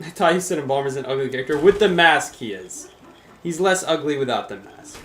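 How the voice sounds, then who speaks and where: A man's voice: a little high, sing-song, fast talker, roomy sound, over music. A man chatting casually on a game live stream, laid-back and laughing often as he talks to viewers. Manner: laid-back, laughs often, calls chat "brother" and "dude".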